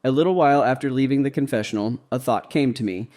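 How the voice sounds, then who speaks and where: A man narrates a devotional diary in the first person, reading at a calm, measured pace. His voice is mellow and darkish, with an even, unhurried delivery. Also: medium pitch.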